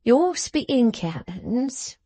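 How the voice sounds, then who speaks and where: A woman voicing a pompous, scheming older man who talks in florid, drawn-out, wheedling phrases. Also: a little high, big pitch swings, dark tone, husky, no echo, pitched above the performer's own voice, heavily acted.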